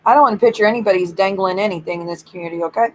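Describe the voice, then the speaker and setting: A woman's voice: mid-range voice, racing, a little mellow, slight background noise, low-quality recording. Blunt, ranting woman. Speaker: streamer. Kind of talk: casual live-stream chat.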